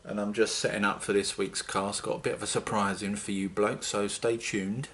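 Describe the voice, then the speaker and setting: A man's voice: on the low side, level tone, moderate pace, fairly bright tone, slight background noise. A man hosting a home brewing video, talking viewers through the steps in a jokey, chatty way. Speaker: homebrew video host. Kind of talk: casual how-to narration. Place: home conservatory.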